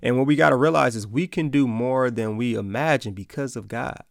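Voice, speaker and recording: A man's voice: medium pitch, brisk, vocal fry, no room sound, studio quality. A man hosting a Christian podcast, giving an earnest, casual devotional talk and reading Bible verses aloud.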